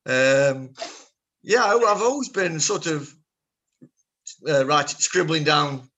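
A man's voice: on the high side, slow pace, pushed and bright. A British man, an author being interviewed, talking modestly with many hesitations. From Britain. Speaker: author guest. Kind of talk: casual interview chat.

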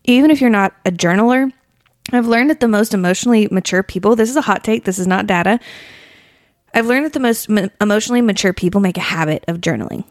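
A young woman talks in easy, earnest podcast chat and breaks into laughter often. She sometimes acts out little prayers in a mock-formal voice. Her voice sits at a middle pitch and sounds close and dry. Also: quick pace, no echo. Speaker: podcast co-host. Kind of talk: casual faith podcast chat.

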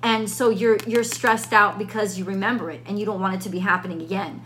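A woman's voice: mid-range voice, steady tone, fairly quick, a bit bright, a little hiss or hum. A woman reading tarot cards in a casual, unscripted way, thinking aloud and often repeating her questions. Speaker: tarot reader.

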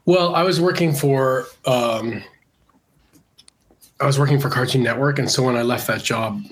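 A man's voice: mid-range voice, moderate pace, a little hiss or hum. A Canadian-born illustrator, a man with a congested voice from a cold, talking casually and hesitantly with many fillers in an interview. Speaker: illustrator guest.

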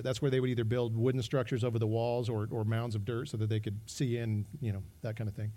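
A middle-aged pastor delivers a sermon in a relaxed, chatty manner. His voice is mellow and warm at a middle pitch, and he leans into lively little re-enactments as he goes. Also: quick pace, few pauses. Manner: conversational and animated, acts out his own exclamations.

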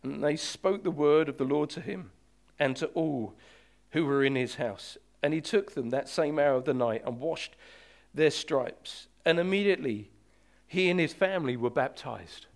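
A man preaching a sermon as pastor, emphatic and urgent, slowing to draw out key words for weight. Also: fairly high pitch, creaky.

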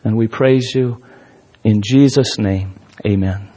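Husky-voiced pastor preaching with fervor. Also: male voice, lowish voice, slow pace, dark tone. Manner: impassioned, rising and falling emphasis. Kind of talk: sermon and closing prayer.

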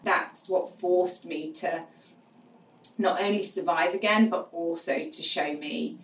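A middle-aged woman, a guest on the show, telling her experience frankly and finding humour in dark moments. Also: lowish voice, slow pace. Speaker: guest, charity co-founder. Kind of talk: candid storytelling in conversation. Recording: roomy, distant mic with faint noise.

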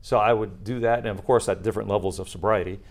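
A man's voice: lowish voice, fairly even intonation, quick pace. A middle-aged man, a retired Marine, talking casually in an interview with many fillers and restarts.

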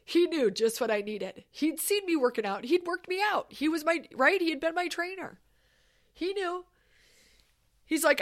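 Speaking at a moderate pace with frequent pauses, a high-voiced woman tells a personal story in an animated, emphatic way. Her delivery is conversational, with casual asides to the listener.

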